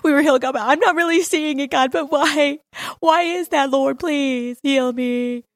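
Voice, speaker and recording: A woman's voice: high voice, normal speed, dry recording, clean studio sound, pitched above the performer's own voice. A woman mocking a whiny, doubting believer. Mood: pleading. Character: whiny doubting believer begging God, adult.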